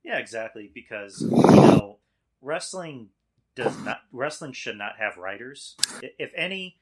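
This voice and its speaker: A man appearing as a guest on a podcast in casual chat, agreeable, with quick interjections and sudden loud bursts. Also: mid-range voice, animated, heavy background noise.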